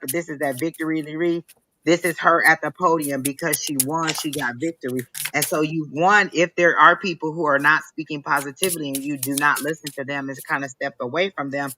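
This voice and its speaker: A man's voice: fairly high pitch, pushed and bright, a little hiss or hum, low-quality recording. A man giving a live psychic reading, emphatic and repetitive as he urges the listener on. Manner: emphatic, repetitive, preachy encouragement. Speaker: psychic reader.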